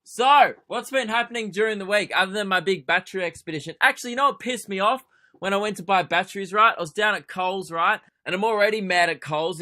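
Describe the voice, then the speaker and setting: A man's voice: a little high, pushed and bright. A young Australian man hosting a comedy podcast, telling a sarcastic, sweary story. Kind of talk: comedic solo podcast rant.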